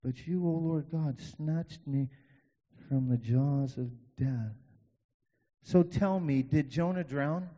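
A male pastor delivers a sermon in a slightly high voice, hammering points home through repetition. He slips between near-whispers and loud bursts, with casual asides to his listeners. A long hall reverb trails each phrase. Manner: emphatic, repetitive preaching that swings from loud to hushed; folksy asides to the congregation.

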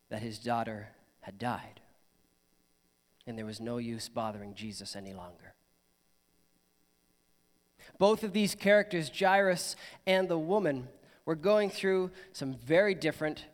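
A man's voice: a little high, in a large hall. A man preaching a sermon in church, earnest and personal, sometimes voicing people's imagined thoughts. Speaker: pastor.

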